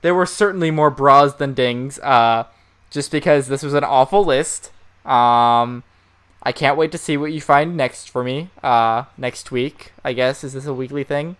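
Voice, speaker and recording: A man co-hosting a casual podcast chat, his voice bright and edged with a smooth, clear polish. He talks in an animated way, jumping loud at times with shouted sound effects. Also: mid-range voice, a little slow. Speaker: co-host.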